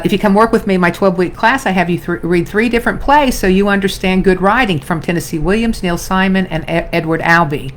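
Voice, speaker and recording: A woman's voice: mid-range voice, a little hiss or hum. A middle-aged woman acting coach teaching an online class in a chatty, self-interrupting way, calling her viewers "you guys" and "darling".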